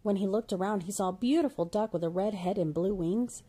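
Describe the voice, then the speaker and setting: A woman reading a children's storybook aloud in a steady, expressive way. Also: mid-range voice, fairly quick, husky.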